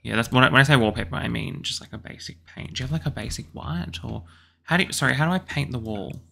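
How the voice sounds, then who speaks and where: A young Australian man chatting casually and excitedly as he builds a house in a video game, with lots of apologetic asides. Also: mid-range voice, quick pace, vocal fry. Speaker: YouTuber building houses in a life-sim game. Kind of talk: casual gameplay commentary.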